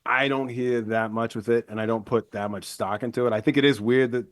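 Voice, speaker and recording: A man's voice: medium pitch, steady tone, brisk, no room sound. A man co-hosting a true-crime podcast in casual chat, explaining details at length on a close mic. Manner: explains at length, acts out quotes. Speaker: podcast co-host.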